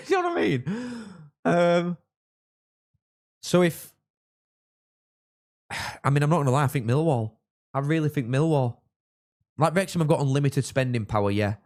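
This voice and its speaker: A young man from England, hosting a live football watchalong and chatting with viewers, reacting loudly to goals. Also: fairly high pitch, moderate pace, long pauses. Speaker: livestream host.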